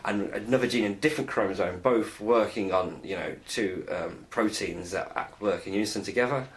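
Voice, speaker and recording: A man of thirty, co-hosting a casual podcast and explaining a book in a rambling, animated way. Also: fairly low pitch, brisk. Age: 30s. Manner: animated, laughs often, explains at length. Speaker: podcast co-host. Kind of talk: casual chat.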